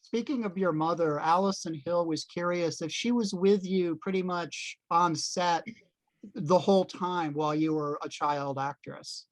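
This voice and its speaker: A woman's voice: fairly low pitch, unhurried, no echo, poor audio. A woman hosting an interview, asking friendly, appreciative questions and moderating audience questions. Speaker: interviewer host.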